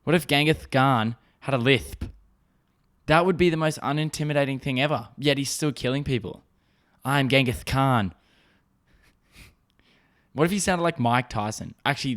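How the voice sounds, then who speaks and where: A man's voice: medium pitch, brisk, a bit bright. Rambling man, solo podcast. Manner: rambling, swears often, lots of fillers. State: getting a sore throat. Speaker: podcast host. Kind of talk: casual solo podcast monologue.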